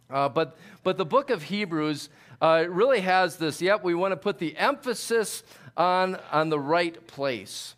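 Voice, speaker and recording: A man preaching a sermon in a conversational, halting way, with many fillers and restarts. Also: on the high side. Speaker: pastor.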